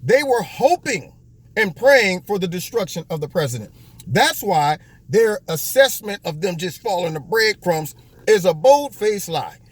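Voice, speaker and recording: A man with a high, lively voice hosts a political commentary monologue. His delivery is mocking and animated. He keeps breaking into little acted-out voices. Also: measured pace, breathy edge, no echo. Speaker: host.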